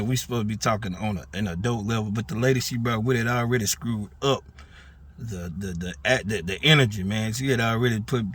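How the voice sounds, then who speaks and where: A man's voice: medium pitch, husky. A man recounts events in casual, unscripted storytelling. He talks with animation, tripping over and repeating words as he works through his account. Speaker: neighborhood mentor recounting a dispute.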